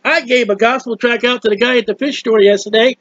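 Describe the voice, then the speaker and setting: High-voiced man preaching excitedly at home. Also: brisk, noisy background. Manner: animated, rambling, exclamatory. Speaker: preacher of a hymn channel. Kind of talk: impassioned home sermon. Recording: dull lo-fi dry sound.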